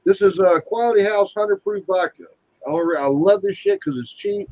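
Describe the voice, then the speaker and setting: Man, foul-mouthed storyteller, casual chat, higher voice, dry muffled sound. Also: huge pitch swings, moderate pace, darkish tone, no room sound. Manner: crude, rambling, swears constantly. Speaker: guest being interviewed.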